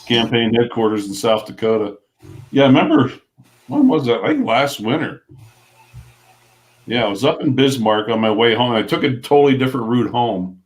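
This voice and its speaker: A man's voice: medium pitch, moderate pace. A man chatting casually on a livestream, telling rambling stories and chuckling as he goes. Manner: rambling storyteller, chuckles often. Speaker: vlogger guest.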